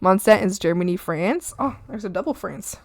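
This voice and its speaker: Giggly young woman streamer, lively voice. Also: medium pitch, moderate pace, no room sound, studio quality. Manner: giggly, bubbly, playful. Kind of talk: casual chat while drawing on stream.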